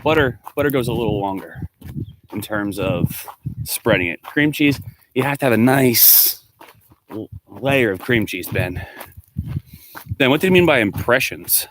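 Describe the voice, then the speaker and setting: A man's voice: mid-range voice, lively intonation, unhurried, long pauses, a bit bright, slight background noise. A male teacher talking casually to his students, rambling as he answers their comments one by one.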